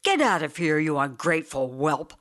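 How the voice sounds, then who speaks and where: A reader voicing a prosperous, self-righteous homeowner who snaps and lectures in a gruff, bullying way in an audiobook story. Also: mid-range voice, sing-song, unhurried, fairly bright tone. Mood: angry.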